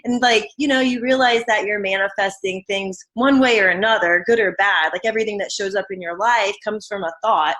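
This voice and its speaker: Woman podcast host, mid-pitch, chatty, rambling interviewer. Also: brisk, hardly any pauses, a bit bright. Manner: chatty, rambling, many fillers.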